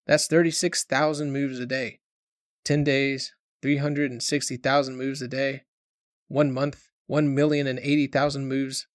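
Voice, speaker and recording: A man voicing a sickly teenage boy who talks in a calm, flat, passionless way. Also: mid-range voice, measured pace, no echo, clean studio sound, close to an everyday voice. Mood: calm detached.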